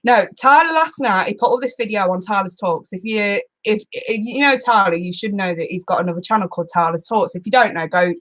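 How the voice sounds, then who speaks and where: A young woman chats loosely with her live-stream viewers, laughing often and swearing casually. Her voice sits at an ordinary, middle pitch. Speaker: tarot channel host.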